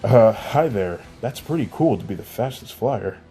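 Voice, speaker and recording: Man as nervous polite teen boy, soft, stammers, fan audio story. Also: on the low side, expressive, moderate pace, faint music behind. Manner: soft-spoken, hesitant, stammers.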